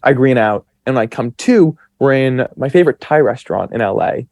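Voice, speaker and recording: A man's voice: mid-range voice, animated, fairly quick, gravelly, darkish tone, no room sound. Chatty young man telling stories. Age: 20s. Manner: chatty, rambling with many fillers and quoted self-talk. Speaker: podcast guest. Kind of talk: casual storytelling.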